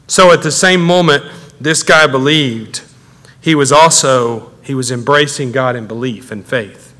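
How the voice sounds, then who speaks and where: A man preaching a sermon as a pastor, conversational and animated, his intensity building as he talks. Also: mid-range voice, a little slow. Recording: echoey hall with long reverb.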